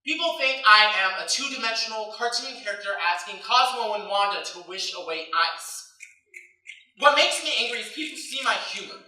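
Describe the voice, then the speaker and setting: A man performing a comic spoken word poem on a school stage, ranting loudly with shouted outbursts, heard through a distant mic in an echoey hall. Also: sits high, expressive, moderate pace. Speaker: slam poet.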